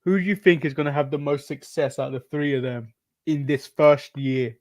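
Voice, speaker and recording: A man co-hosting a casual wrestling podcast, laughing often and pausing on fillers. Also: fairly high pitch, fairly even intonation, darkish tone, no room sound, clean studio sound. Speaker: podcast co-host.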